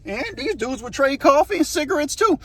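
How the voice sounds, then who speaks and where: Casual male storyteller, rambling and conversational, fairly high voice. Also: expressive, fairly quick, a bit bright. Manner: rambling, conversational, frequent "you know what I mean". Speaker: storyteller, channel host.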